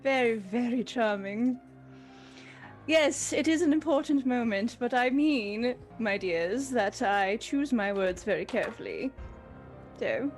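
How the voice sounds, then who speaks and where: A watchful, dry-witted adventurer, played by a woman who speaks very slowly and with care. Her voice is fairly high, with faint music behind. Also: animated. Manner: measured, dry, sardonic.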